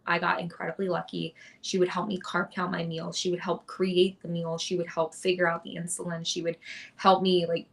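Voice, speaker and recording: A woman's voice: fairly low pitch, creaky. A young woman, a podcast guest, telling her story in an earnest, chatty way with lots of restarts. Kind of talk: casual interview storytelling.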